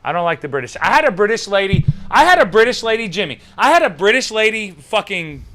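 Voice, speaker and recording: A young American man hosts a loose podcast, reading chat messages and riffing with plenty of swearing and loud laughs. His voice sits high and swings widely. It has a bright, sharp edge. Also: big pitch swings, fast, slight background noise. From United States. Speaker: podcast host. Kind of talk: casual chat reading live chat.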